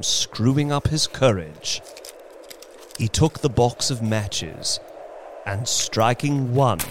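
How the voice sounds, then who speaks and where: A man narrating a story in a slow, suspenseful dramatic reading, with music behind him. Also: lowish voice, slight background noise. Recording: reading over background music.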